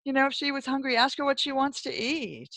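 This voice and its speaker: A speaker in a casual church discussion, earnest and halting, often restarting sentences, heard over a video call. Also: sits high, expressive, sharp tone, dry recording.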